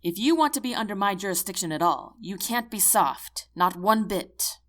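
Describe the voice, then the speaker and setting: A woman's voice: on the high side, sing-song, moderate pace, pitched above the performer's own voice. A woman voicing a stern, commanding army general. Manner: loud, clipped, commanding. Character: gruff stern male army general, demanding.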